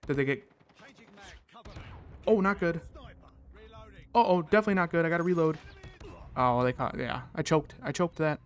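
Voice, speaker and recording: Man, high voice, casual gameplay commentary, excited reactions, playful catchphrases, desk mic. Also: moderate pace, pauses often. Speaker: gaming channel host.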